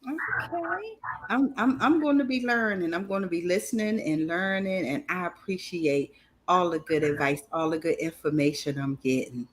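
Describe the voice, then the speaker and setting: A woman's voice: on the low side, normal speed, slight background noise. A woman from Maryland with a Southern lilt to her speech, hosting a casual online chat and laughing often. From Maryland, USA. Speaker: host.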